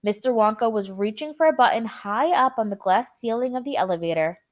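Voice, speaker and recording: A woman's voice: a little high, animated, fairly quick. A young woman teacher reading a chapter aloud to her students and explaining words in a casual, chatty way.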